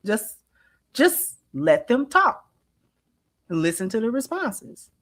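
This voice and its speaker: A woman's voice: fairly high pitch, big pitch swings, slow, a bit bright. A woman hosting a livestream, reacting to a clip and talking to her chat with emphatic rhetorical questions. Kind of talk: casual commentary to live chat.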